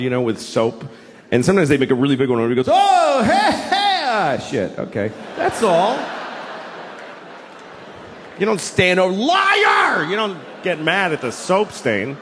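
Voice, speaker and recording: Man doing stand-up, lively swooping pitch, profane exasperated rant, long hall reverb, faint hum. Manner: animated, profane, exasperated ranting. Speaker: stand-up comedian. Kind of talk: stand-up comedy routine.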